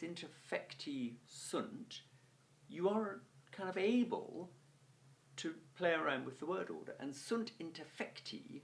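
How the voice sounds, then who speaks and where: A man teaching a Latin lesson, reading phrases aloud and translating them bit by bit with chatty, lightly humorous asides. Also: high-pitched. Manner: chatty asides with gentle humour. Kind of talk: recorded language lesson, translating line by line.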